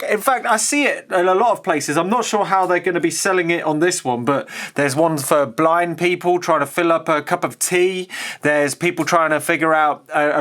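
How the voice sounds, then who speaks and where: A man's voice: a little high, fairly bright tone. Chatty man reading an electronics magazine. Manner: enthusiastic, chatty, musing asides. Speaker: host. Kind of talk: reading aloud and commenting on an old magazine.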